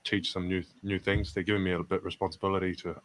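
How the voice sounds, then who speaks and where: A man with a New Zealand accent answers interview questions in an easygoing, self-deprecating way. His voice sits on the low side, and "mate" keeps slipping into nearly every sentence. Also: little pitch movement, fast, a little hiss or hum, poor audio. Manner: laid-back, self-deprecating, says "mate" constantly. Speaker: basketball player.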